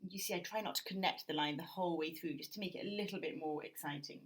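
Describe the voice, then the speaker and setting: A British woman with a slightly low voice talks through a drawing demonstration at an indoor table, explaining gently and thinking aloud as she works, like an art teacher leading a class at home. She speaks quickly, and the recording quality is low.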